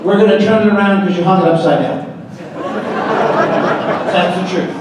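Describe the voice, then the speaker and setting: A man's voice: sits high, steady tone, moderate pace, very noisy. A man emceeing a breakfast event, teasing guests and telling jokes to the crowd. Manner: teasing, jokey, addresses the crowd directly. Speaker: master of ceremonies. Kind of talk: joke-telling emcee patter. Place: large banquet hall at a breakfast event. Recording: echoey hall recording from far off.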